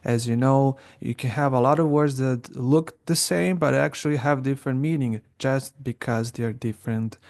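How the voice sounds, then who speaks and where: Male podcast co-host, gravelly voice, casual explainer. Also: mid-range voice, normal speed, hardly any pauses, darkish tone. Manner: explains plainly, with fillers and restarts. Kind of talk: casual educational chat.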